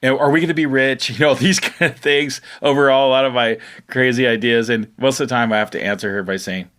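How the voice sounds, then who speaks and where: A middle-aged man, a fisherman, telling his own story in a rambling, animated way, often laughing as he talks. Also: mid-range voice, a little fast. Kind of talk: casual storytelling interview.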